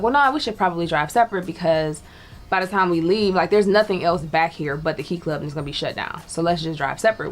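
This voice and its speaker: A young woman telling a story in casual chat, laughing and acting out the voices of people she quotes. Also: lowish voice. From Detroit. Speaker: guest storyteller.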